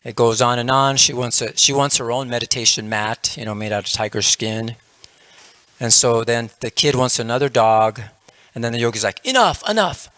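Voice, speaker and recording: A man's voice: mid-range voice, level tone, moderate pace, fairly bright tone, no echo. A man leading a religious class, telling a parable casually, with frequent "you know" fillers. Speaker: lecturer in a temple class.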